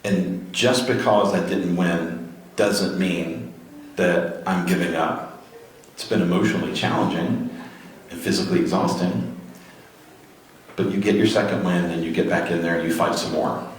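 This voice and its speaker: Man, lowish voice, exhorting a live crowd; very reverberant event room. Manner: exhorting, with repeated rallying questions. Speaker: speaker at a grassroots political gathering. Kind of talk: motivational talk to a live audience. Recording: very echoey room, faint noise.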